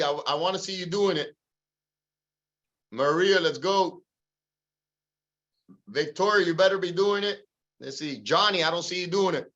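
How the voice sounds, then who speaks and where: A man's voice: high voice, dull audio. A man leading a real estate sales meeting over a video call, calling on team members by name and pushing them to keep going. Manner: energetic, calls on people by name.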